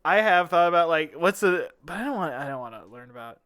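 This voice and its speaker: Podcast co-host, male, bright and smooth tone, easygoing trailing banter. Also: fairly high pitch, expressive, quick pace. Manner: laid-back, trailing off, chuckling. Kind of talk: casual chat.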